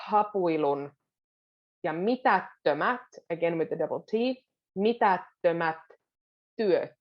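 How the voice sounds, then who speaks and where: A woman teaching pronunciation at an unhurried, careful pace, repeating words patiently. Her voice sits a little low. The recording sounds dull and lo-fi. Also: darkish tone. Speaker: Finnish language teacher. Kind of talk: pronunciation lesson.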